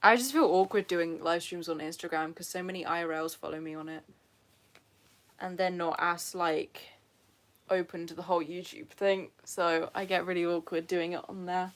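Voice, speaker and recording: A woman's voice: lowish voice, steady tone, normal speed. Giggly young British woman livestreaming. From England. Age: young adult. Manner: giggly, chatty, self-deprecating, reading chat. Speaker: YouTuber live streaming. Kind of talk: casual live stream chat. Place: at home on a sofa.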